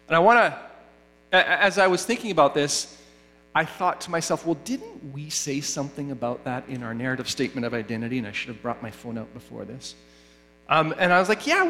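A man giving a sermon as a pastor, halting and restarting often, and getting lively when he tells a story. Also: on the high side. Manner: halting, many restarts, animated when telling a joke. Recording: reverberant hall, mains hum.

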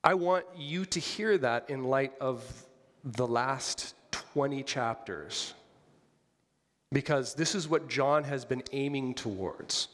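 A man's voice: medium pitch, expressive, slow, fairly bright tone, long reverb tail. A man preaching a conversational sermon, asking the congregation questions and joking lightly. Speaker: pastor.

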